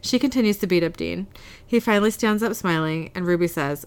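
A woman's voice: fairly low pitch, a little fast, smooth. A young adult woman hosting a casual show, recapping a TV episode and reading its scenes aloud, often giggling. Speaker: podcast host.

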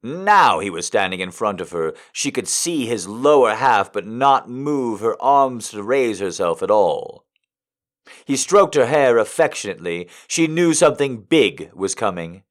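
A man narrating an audio story in an expressive, measured way. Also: mid-range voice.

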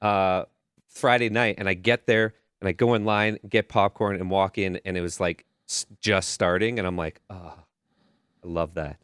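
Profane Canadian man, low voice. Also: moderate pace, clear, resonant tone, dry recording, studio quality. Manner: profane, rambling, excitable. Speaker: podcast co-host. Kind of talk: casual chat.

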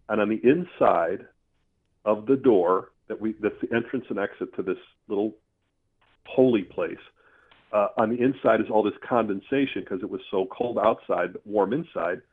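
A man's voice: fairly low pitch, normal speed. Man telling a story over a phone line. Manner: earthy, animated, with mild swearing. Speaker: storyteller guest. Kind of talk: casual spoken storytelling. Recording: tinny phone-line sound.

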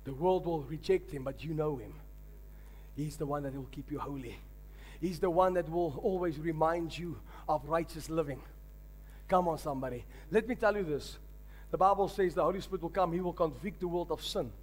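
A man's voice: fairly high pitch, moderate pace, husky. A man, a pastor, preaching a sermon emphatically and calling on the congregation to respond.

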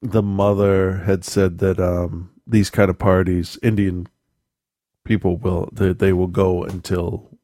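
A man with a fairly low voice tells a story in loose, casual chat, often stopping to correct himself and laughing along the way. The sound is dry, with no room echo. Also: flat delivery, takes it slowly, warm tone.

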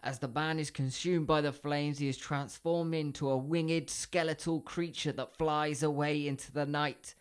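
A man's voice: fairly high pitch, fairly even intonation, normal speed, hardly any pauses, smooth. Jokey man recapping a film plot. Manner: jokey, laughs often. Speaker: podcast co-host. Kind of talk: casual chat and plot recap.

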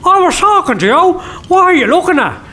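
A man's voice: very high voice, big pitch swings, a little fast, pushed and bright, heavily acted. A man playing a sly, swearing detective, teasing in a comedy sketch. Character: cheeky, foul-mouthed detective, sly mischief-maker.

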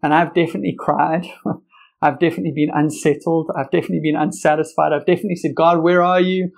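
Gravelly young male pastor preaching. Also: a little high, fairly even intonation, quick pace, a little mellow, low-quality recording. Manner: earnest, conversational preaching with personal stories. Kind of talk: sermon.

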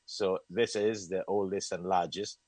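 A man from Trinidad whose accent blends Trinidadian, British and American, telling his life story as a guest in an animated way, often laughing and repeating phrases. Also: deep voice, unhurried, no echo, low-quality recording. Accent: Trinidadian mixed with British and American. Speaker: guest, Muslim scholar. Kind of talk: conversational storytelling.

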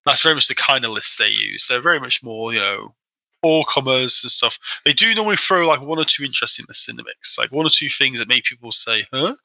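A man telling a story in a casual podcast chat, quick and animated, acting out the people he quotes. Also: mid-range voice, gravelly, no echo, rough recording. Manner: fast, animated anecdote-telling with acted-out quotes. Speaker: podcast guest.

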